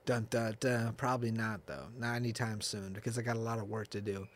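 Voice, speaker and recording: A man's voice: lowish voice, steady tone, fast. A young man riffs alone on his podcast in a loose, unscripted ramble. He swears freely, laughs often and restarts his sentences as he chases one tangent after another. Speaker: podcast host. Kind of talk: casual solo podcast rant.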